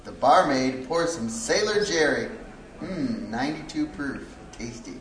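A man's voice: mid-range voice, expressive, measured pace, reverberant, low-quality recording. A man narrating a joke in a playful storytelling way.

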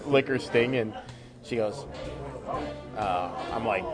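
A man's voice: on the low side, slow pace, music in the background. A man who is a police officer, casually telling a funny work story and laughing as he goes. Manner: chatty, laughs through his own story.

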